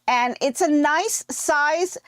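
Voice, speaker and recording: A woman with a high voice hosts a live-stream quilting tutorial, sewing while she chats casually and answers viewer comments. She speaks slowly and relaxedly, with frequent fillers, and there's no echo.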